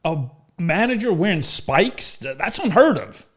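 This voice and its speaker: A man hosting a casual interview, asking relaxed questions and interjecting. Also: sits high, unhurried. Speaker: podcast host.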